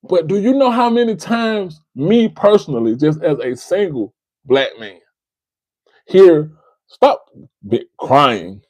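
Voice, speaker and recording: Livestream host, American man, high-pitched and insistent, dry close sound. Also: lively intonation, measured pace, mellow, no room sound, low-quality recording. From United States. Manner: emphatic, repeats phrases, addresses a listener by name. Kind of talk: impassioned livestream commentary.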